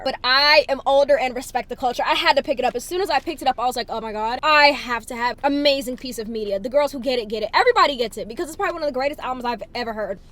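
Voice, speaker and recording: A woman's voice: a little high, fairly bright tone, slight background noise. A young woman from Charlotte, vlogging casually, bubbly and chatty with frequent laughs. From Charlotte, North Carolina. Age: young adult. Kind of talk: casual vlog chat.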